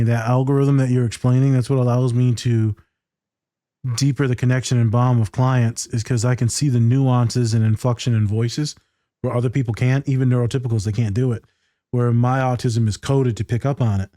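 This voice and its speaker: A man's voice: medium pitch, flat delivery, brisk, mellow, no room sound, studio quality. A man hosting a casual podcast conversation, blunt and loose, swearing freely. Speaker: podcast host.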